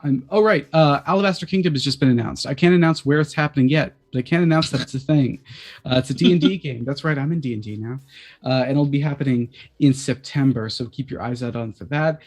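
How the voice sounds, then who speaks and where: A man appearing as a guest on a live-streamed chat show, talking in an energetic, quick way. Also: mid-range voice.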